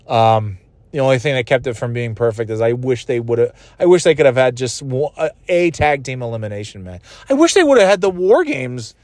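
A man's voice: medium pitch, expressive, a little fast, darkish tone, no echo. A man casually rambling as a vlogger, swearing a lot, laughing often and making goofy sound effects. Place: just left a wrestling event in a city.

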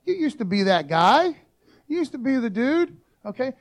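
A man preaches in a loose, conversational way. His voice sits high, and he keeps checking in with the room through quick asides and rhetorical questions. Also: sing-song. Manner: informal and joking, peppers talk with "man" and "okay?", quick rhetorical asides. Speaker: pastor. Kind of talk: casual sermon.

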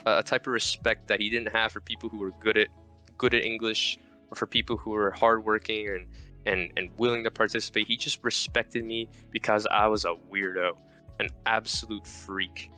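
A young man with a bright, forceful tone and a lowish pitch tells a rambling story as a podcast guest. He is self-mocking and swears freely, in loose casual chat over a voice call. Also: flat delivery, normal speed, soft background music.

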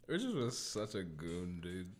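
A young man, a podcast guest, chatting casually with quick, slangy reactions. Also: deep voice, big pitch swings, a little hiss or hum. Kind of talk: casual chat.

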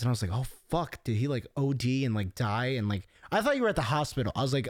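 Young guy, casual podcast talk, animated storyteller, dry close sound, swears a lot. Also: mid-range voice, fast talker, hardly any pauses, no room sound. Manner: animated storyteller, swears freely, acts out quotes. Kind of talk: casual chat.

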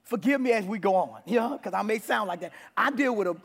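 A man preaching his testimony to a congregation in a church, with a rough, abrupt delivery that bursts into loud, excited passages. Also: sits high, fast talker. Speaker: guest preacher. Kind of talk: testimony sermon. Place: church sanctuary before a congregation.

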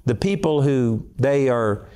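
A man's voice: medium pitch, expressive, measured pace, dark tone, smooth. A man delivers a sermon with earnest emphasis. He drives each point home with conviction. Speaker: preacher.

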